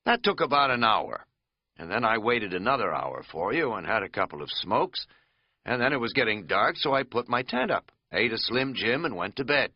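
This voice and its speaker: A man's voice: medium pitch, very animated, moderate pace, no echo, lo-fi sound. A man voicing a rambling, folksy middle-aged American man who talks in a chatty, self-mocking drawl.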